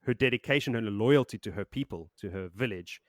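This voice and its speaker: Podcast host, male, lowish voice, rambling chatty recap, dry sound. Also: quick pace, dry recording. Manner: chatty and rambling, with laughs and casual swearing. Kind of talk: casual chat recapping a book.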